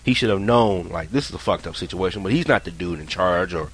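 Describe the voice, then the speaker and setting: Man, lowish voice, loose profane storyteller full of restarts. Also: brisk, husky. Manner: profane, rambling, animated retelling with many restarts. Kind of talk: casual spoken personal story.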